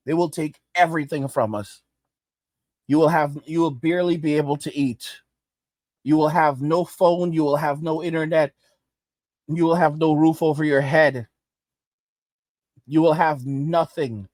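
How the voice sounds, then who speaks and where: A man's voice: fairly high pitch, steady tone, measured pace, long pauses, a little mellow, no echo. A male host delivering an angry, emphatic rant, repeating his points over and over. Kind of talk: ranting commentary.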